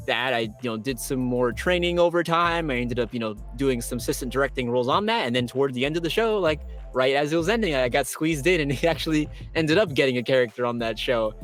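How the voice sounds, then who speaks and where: A man, a voice actor, telling his stories as a guest in an interview, excitable and quoting himself with big jumps in pitch. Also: quick pace, few pauses, soft background music. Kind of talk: animated storytelling in an interview.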